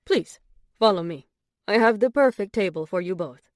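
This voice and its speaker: A woman voicing an excitable Italian maitre d' with a thick Italian accent, exclaiming effusively in an audiobook. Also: medium pitch, normal speed, no room sound, clean studio sound, close to an everyday voice. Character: excitable middle-aged Italian maitre d', man. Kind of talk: audiobook character voice.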